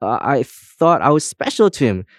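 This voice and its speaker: A man voicing a timid, self-pitying male comb who wails and sobs in a high voice. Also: very animated, normal speed, a little mellow, dry recording, studio quality, lightly acted. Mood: sobbing. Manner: high, wailing and sobbing delivery.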